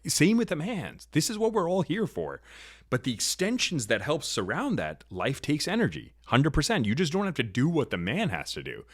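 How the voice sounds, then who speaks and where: A man hosting a talk show, giving an opinionated monologue in an assertive, lecturing way that swings in pitch and loudness. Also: wildly swooping pitch, normal speed, dry recording, clean studio sound. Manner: assertive, lecturing, shifts pitch and volume often. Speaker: podcast host.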